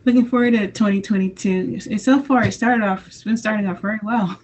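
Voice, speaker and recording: A woman's voice: medium pitch, fairly even intonation, brisk, a little mellow. A woman taking part in an online workshop, speaking hesitantly with many restarts while talking about her business plans. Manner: hesitant, restarts often, lots of fillers. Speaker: workshop participant. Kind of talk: casual call-in conversation. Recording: dull lo-fi call audio.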